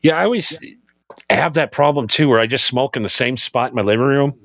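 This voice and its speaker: Gravelly laid-back man, joking around. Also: mid-range voice, fairly quick, a bit bright, dry recording. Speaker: podcast co-host. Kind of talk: casual chat. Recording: dry, slightly dull recording.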